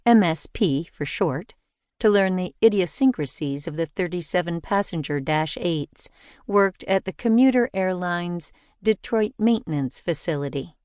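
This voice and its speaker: A woman narrating a mystery novel in a measured, even storytelling delivery. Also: lowish voice, clear, resonant tone, no room sound, studio quality. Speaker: audiobook narrator. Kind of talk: scripted narration.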